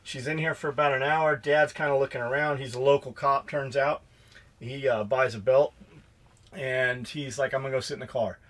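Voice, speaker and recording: A man's voice: medium pitch, steady tone, moderate pace, fairly bright tone. Profane middle-aged man telling stories. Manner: profane storyteller acting out dialogue. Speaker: podcast co-host and shop owner. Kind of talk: casual podcast chat.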